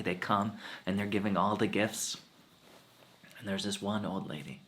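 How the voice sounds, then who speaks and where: A monk tells a story to his listeners with animated, heartfelt delivery. His voice is bright and forceful, pitched somewhat low. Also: moderate pace. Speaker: spiritual teacher, monk. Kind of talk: storytelling talk at a satsang.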